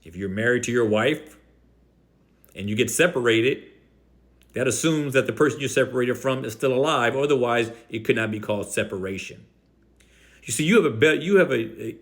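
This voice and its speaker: A man hosting a Christian video, rebutting an opponent directly in a combative voice and stressing key words slowly. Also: medium pitch. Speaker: Christian apologetics video host.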